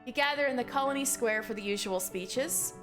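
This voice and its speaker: High-voiced giggly woman streamer. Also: brisk, over music. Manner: giggly, excitable. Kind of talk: live game playthrough, reading text aloud.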